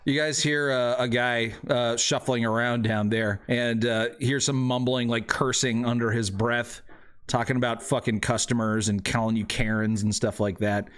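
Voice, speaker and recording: A man's voice: mid-range voice, fairly even intonation, normal speed, fairly bright tone, clean tone. A man narrating a tabletop game as game master, loose and rambling, with lots of fillers.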